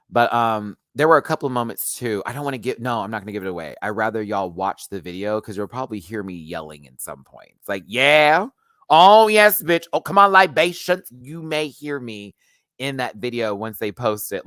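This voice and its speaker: A man's voice: a little fast, no echo, studio quality. A man hosting his own channel, telling a story in a casual rant and acting out what people said with big jumps in his voice. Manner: animated, acts out quotes with big pitch jumps. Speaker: YouTube host.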